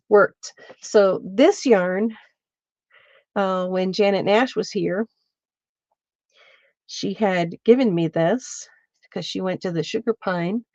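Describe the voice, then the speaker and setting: Slow-talking woman chatting through a stitching demo. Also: medium pitch, darkish tone, no room sound, lo-fi sound. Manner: chatty, thinks aloud, greets viewers by name. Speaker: craft show host. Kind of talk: casual livestream stitching demo. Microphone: streaming setup mic.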